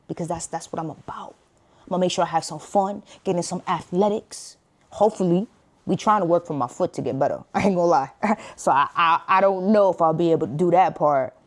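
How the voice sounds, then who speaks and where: A woman streamer with a New York accent gives loose, slangy reaction commentary. Her voice sits on the low side for a woman. She keeps chuckling between points and pops up into sudden high-pitched asides. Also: a little mellow.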